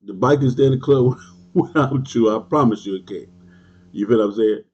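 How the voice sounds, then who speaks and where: A man's voice: mid-range voice, normal speed, a little mellow, husky. A man giving an emphatic, repetitive livestream talk as a motorcycle club leader, using street slang and answering viewers' comments. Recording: dull lo-fi stream audio.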